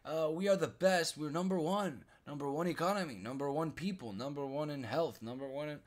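A man's voice: fairly high pitch, fairly quick, natural voice. A man putting on the voice of a boastful old politician who keeps saying everything is great. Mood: mocking. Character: boastful old male politician, bragging and repeating himself.

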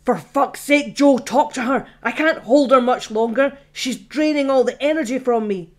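A woman's voice: mid-range voice, expressive, normal speed, lightly acted. A woman voicing a male ghost who is a loyal friend, urgent and strained, in an audiobook. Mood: straining.

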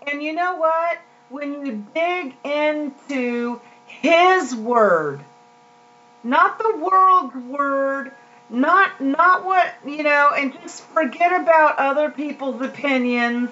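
A woman's voice: high voice, animated, slow pace, sharp tone, highs cut off. A woman giving a casual, heartfelt devotional talk to her viewers, rambling with many fillers and restarts. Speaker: Christian vlogger.

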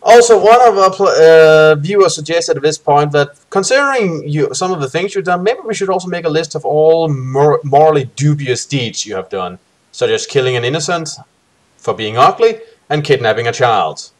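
A man's voice: on the high side, animated, normal speed. A man running a co-op gamebook session, joking with his players and reading the story passages aloud. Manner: jokey, trails off into hedges. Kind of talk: casual co-op play with read-aloud narration.

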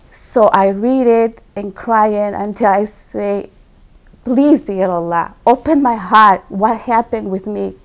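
A woman's voice: mid-range voice, a little mellow. A woman telling her personal story as a guest. She uses simple, non-native English phrasing, speaks earnestly and with emotion, and repeats words for emphasis.

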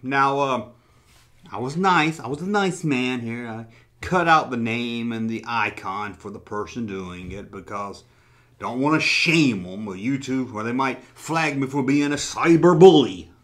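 A man's voice: medium pitch, expressive, a little slow, fairly bright tone. A man hosting a casual vlog who talks with sarcastic jokes and swears freely. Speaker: toy collecting YouTuber. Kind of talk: casual vlog, reading comments.

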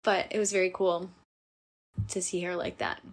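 A young woman co-hosting a casual podcast chat, telling stories in a warm, emotional way that turns tearful. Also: lowish voice, level tone, normal speed. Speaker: podcast co-host.

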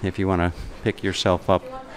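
A man's voice: deep voice, flat delivery, normal speed. Chatty, enthusiastic man vlogging. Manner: chatty, enthusiastic, rambling with restarts. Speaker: travel vlogger. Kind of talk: casual travel vlog. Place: roadside café and shop.

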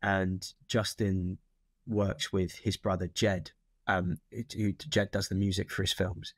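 A man's voice: low voice, little pitch movement, unhurried, breathy edge, no echo. A man, a guest in an interview, talking thoughtfully about films with many restarts. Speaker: actor guest. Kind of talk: casual interview chat.

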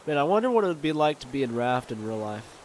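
A man's voice: mid-range voice, big pitch swings, quick pace, a little hiss or hum. A man casually commenting on a survival video game as he plays, thinking aloud and rambling with fillers. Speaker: gamer. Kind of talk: let's play game commentary.

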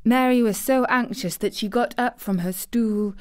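A woman narrating an audiobook in a calm, measured storytelling manner. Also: on the high side.

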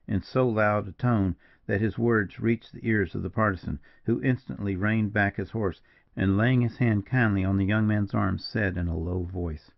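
A male audiobook narrator with a low, gravelly voice, reading in a measured, steady way. The sound is lo-fi and somewhat dull. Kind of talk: scripted narration.

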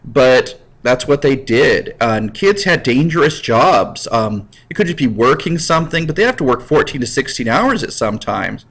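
Animated joking male history teacher. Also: mid-range voice, moderate pace, hardly any pauses, low-quality recording. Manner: jokey, acts out scenes in voices. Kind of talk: recorded classroom lecture.

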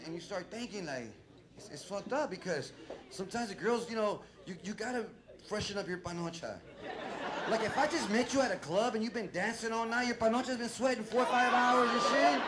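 A man's voice: high-pitched, moderate pace. A male stand-up comedian, doing a crude, rambling set full of swearing and acted-out bits, on a club stage with a handheld mic. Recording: loud crowd laughter and room noise.

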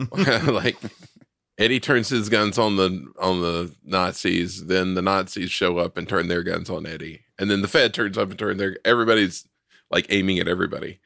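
A man's voice: low-pitched, fairly even intonation, moderate pace, vocal fry, fairly bright tone, no room sound, studio quality. A man in a casual film discussion, enthusiastically gushing about his favorite moments. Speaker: podcast co-host.

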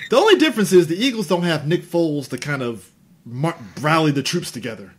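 A man co-hosting a casual sports podcast, joking and expressive, dropping from loud to hushed. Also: on the high side, brisk, husky. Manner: expressive, jokey, swings between loud and hushed. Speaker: podcast co-host.

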